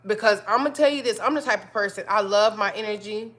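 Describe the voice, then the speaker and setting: A woman hosting a live stream talks fast in a mid-range, slightly bright voice. She's casual and encouraging, often repeating herself and calling her viewers y'all.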